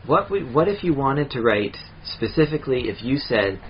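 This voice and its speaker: A man's voice: mid-range voice, big pitch swings, normal speed, hardly any pauses. A man co-hosting a podcast in casual chat, laid-back and a bit hesitant. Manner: laid-back, hesitant, many fillers and interjections. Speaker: podcast co-host. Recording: dull lo-fi podcast audio, faint hiss.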